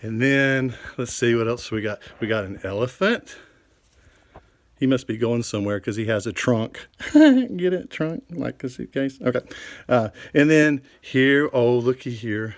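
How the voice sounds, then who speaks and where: A man's voice: mid-range voice, a little slow. Older man, kids' teacher, cheerful, corny jokes, home office. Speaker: children's Bible class teacher. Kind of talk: children's show talk.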